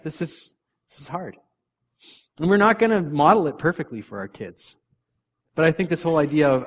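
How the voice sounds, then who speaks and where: A man preaching a casual, conversational sermon as a father of three young kids. He laughs often at himself and restarts his sentences, and his volume swings from quiet asides to punchy emphasis. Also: medium pitch. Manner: chatty and self-deprecating, laughs often; frequent restarts, loudness swings from soft to punchy. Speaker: pastor.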